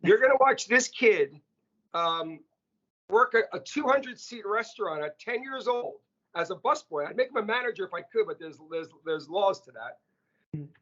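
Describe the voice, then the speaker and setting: A man's voice: lively intonation, moderate pace, fairly bright tone. A man voicing his proud older Greek father, lecturing teachers in a heavy Greek accent. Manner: booming, lecturing, insistent. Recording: muffled lo-fi audio.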